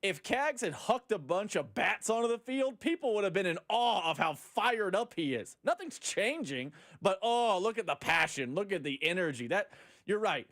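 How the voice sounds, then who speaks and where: A man's voice: high-pitched, big pitch swings, normal speed, a bit bright. A man co-hosting a sports radio show, musing on comparisons across sports in a conversational way.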